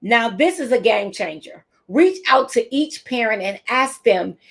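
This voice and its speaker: Middle-aged teacher lady giving a pep talk to other teachers, lively storyteller, says the big lines twice. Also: a little high, a little slow, husky. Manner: lively storytelling, repeats key phrases. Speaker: teacher and speaker.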